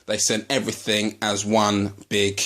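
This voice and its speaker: Slow-talking man, swearing vlogger. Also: fairly low pitch, completely flat delivery, fairly bright tone. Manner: slow, halting delivery that turns to angry, swearing ranting. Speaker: collector vlogger. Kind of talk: casual unboxing video.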